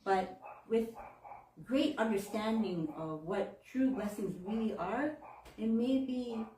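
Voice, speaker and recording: A woman's voice: a little high, slow, warm tone. A woman, giving a chatty, heartfelt sermon with frequent laughs and Japanese phrases. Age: 40s. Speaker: minister. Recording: echoey room, mic far off.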